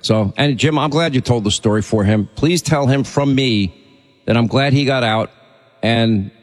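A male talk radio host who speaks forcefully and urgently, piling up lists to rally listeners. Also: medium pitch, moderate pace, in a large hall.

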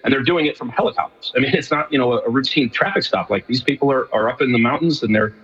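A man's voice: medium pitch, fast, a bit bright, husky. A middle-aged man from New York, a guest on a radio interview, talking casually with lots of fillers and restarts. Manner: rambling, many fillers and restarts. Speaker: guest, show co-host. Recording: distant remote line with long reverb, dull.

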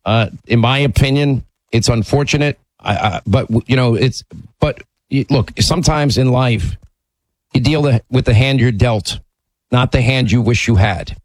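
A man's voice: mid-range voice, moderate pace, no room sound, low-quality recording. A man hosting a call-in talk radio show, speaking emphatically and conversationally from a studio mic.

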